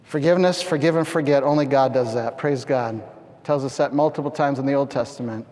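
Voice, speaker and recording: A middle-aged man from Canada preaching a storytelling sermon, animated and acting out scenes with sudden loud shouts. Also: medium pitch, a little fast. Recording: long hall reverb.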